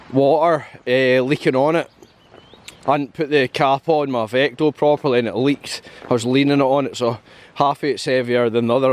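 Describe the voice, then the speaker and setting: A young Scottish man chatting and telling stories while hiking outdoors, laughing often. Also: medium pitch. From Scotland. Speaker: hiking vlogger. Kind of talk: casual chat while hiking. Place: outdoors on a hill trail.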